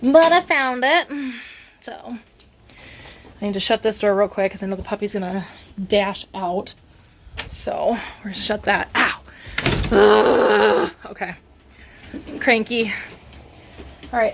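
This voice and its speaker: A woman's voice: medium pitch, takes it slowly, gravelly, pauses often, background noise. A young adult woman vlogging casually, talking to herself about her errands in a frazzled way. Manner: frazzled, talks to herself, vents. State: frustrated. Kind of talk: casual vlog chat.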